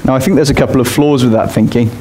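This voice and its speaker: A man's voice: medium pitch, fairly even intonation, very fast, warm tone, a little hiss or hum. A man preaching a sermon in a church, speaking directly and emphatically to his congregation. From Australia. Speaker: pastor.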